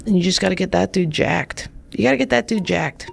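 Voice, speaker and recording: A man's voice: sits high, animated, fairly quick, creaky, slightly rough. A man delivering a candid, profane comedic monologue about his own struggles. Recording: music playing behind.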